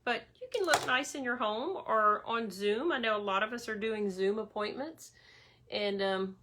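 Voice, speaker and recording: Bright-voiced woman demoing makeup. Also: fairly high pitch, expressive, moderate pace. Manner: chatty, addresses viewers as y'all. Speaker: makeup demonstrator. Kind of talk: casual makeup tutorial.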